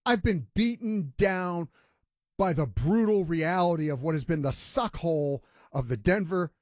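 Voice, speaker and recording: A man's voice: fairly high pitch, animated, a little slow, dry recording, studio quality. A man hosting a sports talk radio show, ranting emphatically and mocking others in voiced quotes.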